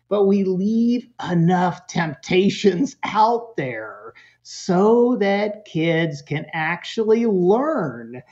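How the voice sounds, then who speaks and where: As a guest in a casual interview, a parenting expert tells animated, humorous stories. He has a high voice, and the recording's highs are cut off.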